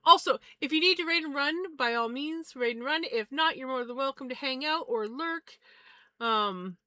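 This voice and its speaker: A woman's voice: sits high, moderate pace, sharp tone, dry recording. A woman chatting casually on a livestream while spinning yarn, easygoing and a bit scattered as she talks to her viewers.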